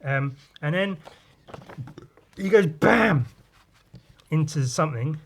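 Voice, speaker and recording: A man's voice: mid-range voice, moderate pace, darkish tone, breathy edge. A man, hosting a podcast, rambling casually about drawing and swearing freely. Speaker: podcast host and comic artist. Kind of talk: casual chat.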